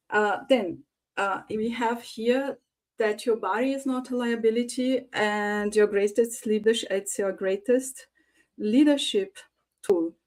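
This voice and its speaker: Woman speaker, slightly high voice, virtual conference talk, lots of "uh" fillers. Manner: frequent fillers, demonstrates phrases in varied tones. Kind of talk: online presentation on voice and leadership.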